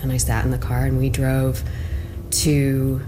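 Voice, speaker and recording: Low-voiced woman telling her story casually. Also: monotone, background noise. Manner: casual, halting, frequent "like" fillers. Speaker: interviewee recounting her arrest. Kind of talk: personal storytelling in a documentary podcast.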